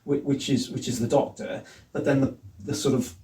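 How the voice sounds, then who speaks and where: A man's voice: mid-range voice, fairly even intonation, fairly quick, dark tone. A man speaking as a guest in a casual interview, thoughtful and agreeable. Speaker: guest, fan-film actor. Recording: echoey room, mic at a distance.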